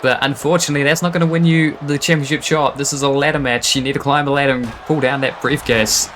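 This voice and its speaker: A man calling a wrestling match live, rattling off moves between gasps and exclamations. There is clear background noise under his voice from a live stream mix. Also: medium pitch, little pitch movement, a bit bright, poor audio. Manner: fast reactive play-by-play, frequent gasps and exclamations. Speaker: play-by-play commentator. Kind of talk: excitable wrestling commentary.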